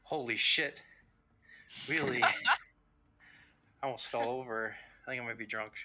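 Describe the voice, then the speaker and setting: A man's voice: mid-range voice, unhurried, heavy background noise. A man joking around as a player in a tabletop role-playing game.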